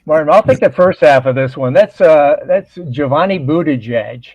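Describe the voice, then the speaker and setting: A man guesting on a talk show tells stories in a chatty way, often restarting his sentences. His voice sits fairly high, and the sound is dull and muffled with no room around it. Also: lively intonation, moderate pace, darkish tone, no echo. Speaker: podcast co-host, guest. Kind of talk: casual interview chat.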